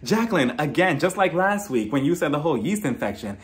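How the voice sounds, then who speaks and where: A man's voice: a little high, fairly quick. A young man giving a casual, gossipy commentary on a reality show, often breaking into laughter. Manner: animated, gossipy, laughing often, acts out quotes. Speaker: reality TV reviewer.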